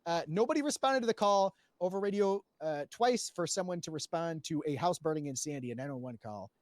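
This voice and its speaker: A man's voice: a little high, lively intonation, brisk, dry recording. A man recounting a roleplay story to a panel, rambling with lots of fillers and restarts and swearing freely.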